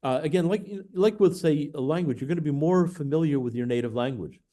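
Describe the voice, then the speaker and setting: A man with an American accent speaks as a podcast guest, warm and mellow in tone. He talks at an easy, thoughtful pace, pausing on filler sounds as he works through a story. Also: fairly high pitch. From United States. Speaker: guest, professor of Buddhist studies. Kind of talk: conversational storytelling.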